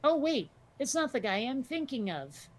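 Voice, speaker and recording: A woman's voice: high-pitched, sing-song, moderate pace. A woman co-hosting a casual podcast chat, talking bluntly, swearing freely and telling stories with energy. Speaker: podcast co-host.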